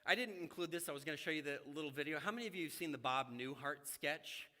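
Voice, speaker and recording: A man preaching a sermon to his congregation in a conversational, animated way, speaking to them directly. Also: fairly high pitch, fast. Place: church sanctuary. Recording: church hall reverb.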